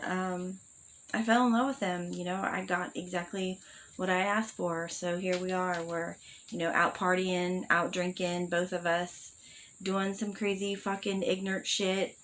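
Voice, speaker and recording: A woman's voice: on the low side, little pitch movement, measured pace, a little hiss or hum, low-quality recording. A middle-aged woman candidly telling a personal story in a vlog, blunt and rambling, swearing freely with lots of fillers. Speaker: vlogger.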